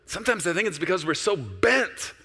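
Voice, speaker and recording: A man pastor preaching a sermon on a stage, shifting from quiet storytelling to loud, urgent exhortation. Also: high voice, a little fast, husky, in a large hall. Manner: animated, swinging from soft storytelling to loud exhortation. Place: large church auditorium with stage.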